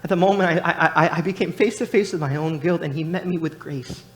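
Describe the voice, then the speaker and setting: A man's voice: fairly high pitch, fast talker, a little hiss or hum. Young man preaching with a personal story. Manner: personal storytelling with many restarts. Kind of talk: sermon. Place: church sanctuary.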